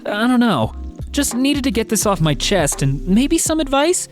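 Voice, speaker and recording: Brief: narrator reading internet confessions, expressive and varied in pitch, quick chatty asides, faint music bed. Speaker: narrator reading online posts and comments. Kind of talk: scripted narration with casual asides.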